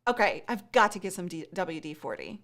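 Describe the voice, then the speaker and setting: A woman's voice: lowish voice, lively intonation, a little fast, fairly bright tone. Heartfelt rambling woman streamer. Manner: heartfelt and rambling, with many fillers and restarts; laughs often. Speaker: live stream host. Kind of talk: casual live stream Q&A.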